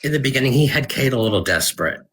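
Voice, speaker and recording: A man being interviewed as an author, talking in a relaxed, reflective way with many restarts and fillers. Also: medium pitch, very fast, a little hiss or hum. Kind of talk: casual live interview chat.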